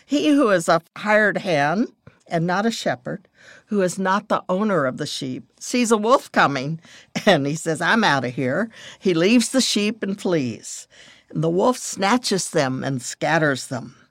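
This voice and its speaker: An older woman giving a devotional teaching, reading scripture in a gentle, measured way. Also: on the low side, very animated, no echo, studio quality. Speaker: devotional speaker.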